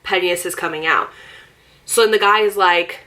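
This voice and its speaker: A young woman vlogger in casual storytime chat, animated and laughing as she talks, with many fillers and voiced quotes. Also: on the low side, normal speed.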